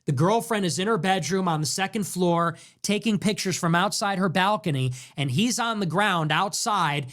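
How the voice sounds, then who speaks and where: The political livestream host here has a high-sitting, expressive, somewhat bright voice and talks a little slowly. He mocks and sneers his way through a sarcastic rant, breaking into put-on voices as he goes.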